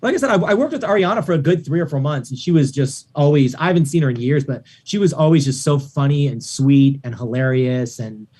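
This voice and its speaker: Man telling animated showbiz stories. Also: fairly high pitch, brisk, hardly any pauses. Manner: animated storytelling, acts out quoted voices. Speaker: record producer guest. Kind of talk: casual podcast chat.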